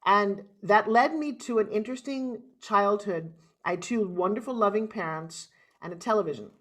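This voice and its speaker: A woman's voice: medium pitch, normal speed. A middle-aged woman with a New York accent, a motivational speaker telling her life story as a podcast guest. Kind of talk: interview storytelling.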